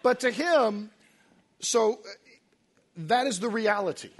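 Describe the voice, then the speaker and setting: A middle-aged man preaching a sermon, emotional and storytelling, dropping to quiet, near-whispered lines at tender moments. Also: high-pitched, slow pace. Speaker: pastor.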